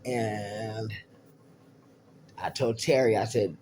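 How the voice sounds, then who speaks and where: A man casually telling a profane, animated story from his childhood, acting out the voices of the people in it. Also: mid-range voice, moderate pace, a little hiss or hum.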